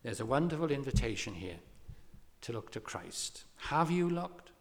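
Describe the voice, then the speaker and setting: A man preaching a sermon, telling a story with lively emphasis and pressing his hearers with questions. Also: medium pitch, normal speed. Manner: animated storytelling preacher, rising to impassioned exhortation. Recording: long hall reverb.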